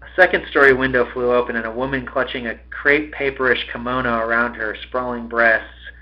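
A man reads a novel aloud in an expressive, mid-pitched voice and curses casually when he stumbles. The audio is slightly muffled. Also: fairly quick. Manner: expressive reading, breaks off to swear at his own slips. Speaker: podcast host reading a novel.

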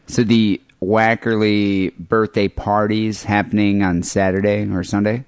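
A man's voice: on the low side, level tone, measured pace, clean tone, dry recording. A man hosting a podcast, chatting casually with a sardonic, teasing manner. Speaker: podcast host. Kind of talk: casual chat.

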